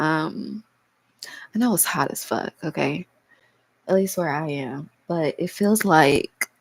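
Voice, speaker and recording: A woman's voice: low-pitched, creaky, dry recording, rough recording. A woman giving a casual tarot reading to her viewers, emotional and holding back tears, her voice cracking, swearing freely as she talks. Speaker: tarot reader.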